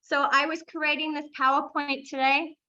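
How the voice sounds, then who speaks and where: A woman's voice: sits high, little pitch movement, normal speed, sharp tone, lo-fi sound. An Australian woman hosting a live online masterclass as a social media coach, talking with enthusiasm, repeating key phrases for emphasis and speaking to the chat.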